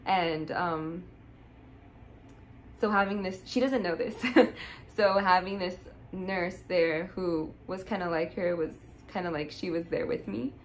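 Rambling young woman telling a story, low voice. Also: steady tone, unhurried, slight background noise, low-quality recording. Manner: rambling, many fillers and restarts, emotional. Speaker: vlogger. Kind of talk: casual storytelling to camera.

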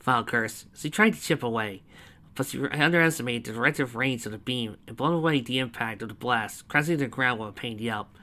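A man narrates a fanfiction story with a bright, forward voice and a middle pitch. He breaks off now and then for chatty asides before returning to the narration. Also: brisk. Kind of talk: reading fanfiction aloud with casual asides.

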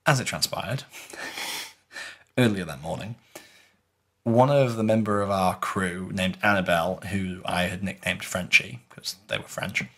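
A man co-hosting a podcast, telling an animated story in casual chat and acting out the voices of others. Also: sits low, measured pace. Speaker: podcast co-host recounting a LARP.

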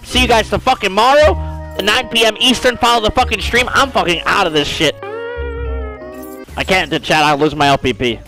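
A man's voice: high-pitched, expressive, brisk, music in the background, low-quality recording. A man streaming a game live, ranting and swearing heavily in frustration at his teammates and the game. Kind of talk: live gameplay streaming chat.

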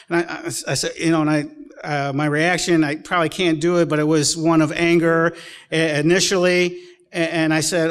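A man's voice: a little high, normal speed, a bit bright. A man preaching a sermon as pastor, telling folksy stories with chuckles and acting out the people in them. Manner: folksy storytelling with chuckles and acted-out quotes. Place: church sanctuary.

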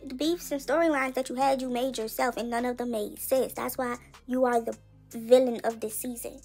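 Woman host, high-pitched, blunt and slangy, casual commentary. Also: fairly even intonation, normal speed, a little mellow, faint music behind. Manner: blunt, slangy, laughs while talking.

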